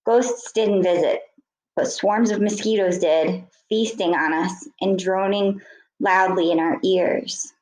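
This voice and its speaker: A woman's voice: medium pitch, fairly even intonation, takes it slowly, a little mellow, echoey room, low-quality recording. A woman teacher reading a book chapter aloud to students, correcting her slips and stopping to explain words.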